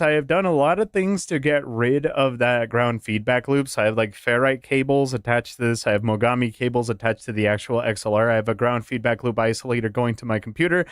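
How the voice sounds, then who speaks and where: Streaming from home into a dynamic studio microphone, a man chats casually and tells animated stories, swearing casually and laughing often. His medium-pitched voice is smooth, with no room sound.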